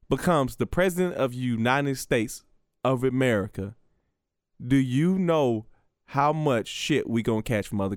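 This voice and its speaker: A young man, a stand-up comedian, rambles to camera with cursing and stammered restarts. His voice sits fairly high and sounds smooth and resonant, recorded close and dry. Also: dry recording. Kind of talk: casual talk to camera.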